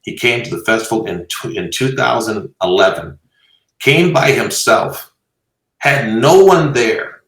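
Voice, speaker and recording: A man, a film festival co-founder, giving blunt, animated and jokey advice as an interview guest. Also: mid-range voice, a little slow. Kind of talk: casual interview storytelling. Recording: echoey, distant from mic.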